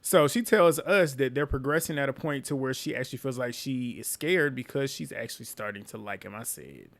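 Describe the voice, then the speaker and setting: A man talks through a reality show episode in a relaxed, conversational recap. He drops sarcastic asides and laughs at the people he describes. His voice sits at an ordinary middle pitch. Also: a little fast. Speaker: recap host.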